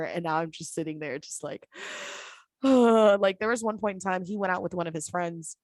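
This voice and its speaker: A woman in her twenties hosting a candid podcast chat, her voice sitting on the low side. She talks frankly, swears freely and laughs often as she acts out quotes. The sound is close and dry. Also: normal speed, dry recording. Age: 20s. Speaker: podcast host.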